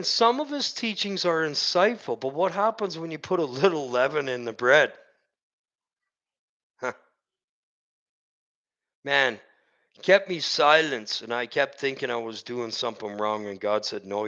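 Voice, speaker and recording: A man preaching fire and brimstone in an intense, scolding way, swinging from low murmurs to loud warnings. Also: lo-fi sound. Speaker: self-styled preacher.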